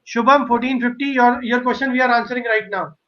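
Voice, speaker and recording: Man, very high voice, webinar host, repetitive listing phrases, dull lo-fi call audio. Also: steady tone, fast. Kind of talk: live webinar moderation and promotion.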